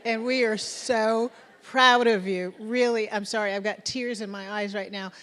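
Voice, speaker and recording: A woman's voice: mid-range voice, fairly even intonation, unhurried, a bit bright. Effusive woman college president in a hall. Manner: effusive and emotional, addressing a large crowd. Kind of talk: closing remarks at a graduation ceremony. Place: large ceremony hall. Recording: long hall reverb.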